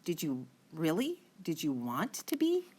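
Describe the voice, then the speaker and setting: A woman's voice: low voice, huge pitch swings, measured pace, dark tone, husky, heavily acted. A woman reading the part of a young schoolboy who is frightened and full of anxious questions. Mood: curious.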